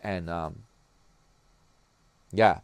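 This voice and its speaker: A man with a New York accent talks straight to his viewers in a loose, rambling commentary vlog, tossing in "man" and "guys" as he goes. His voice sits a little low, and the recording is close and dry with no room sound. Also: steady tone, very slow, clear, resonant tone, no room sound. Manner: chatty, rambling, peppers talk with "man" and "guys". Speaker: YouTube commentary vlogger.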